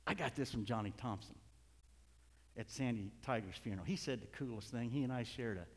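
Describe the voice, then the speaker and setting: A middle-aged pastor preaches a sermon in a reverberant hall, his mid-range voice moving a little fast. He shifts from soft asides to loud, fervent outbursts, chuckling softly between points.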